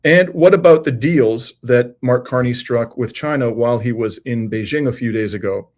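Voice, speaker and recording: A male interview host with a mid-pitched voice and a measured, deliberate delivery. He often pauses on "uh" as he sets up his questions. He sounds like he is on a video call. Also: a little mellow. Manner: measured, many "uh" fillers. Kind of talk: scripted intro then interview questions.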